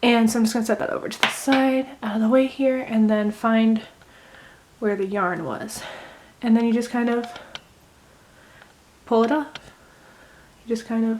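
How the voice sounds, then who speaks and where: A young woman talks through a craft project in a loose, rambling way, full of little fillers and asides. Her voice sits a touch high, and her tone stays gentle and easygoing. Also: fairly even intonation, normal speed. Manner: rambling, gentle, thinks aloud with many fillers. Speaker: crochet vlogger. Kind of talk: casual how-to chat while unraveling knitting.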